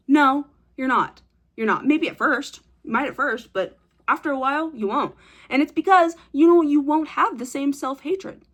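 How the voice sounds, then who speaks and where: A woman's voice: high voice, moderate pace. Blunt, swearing young woman vlogger. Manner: blunt, profane, teasing; animated, dramatic retelling. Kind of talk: casual advice chat to camera.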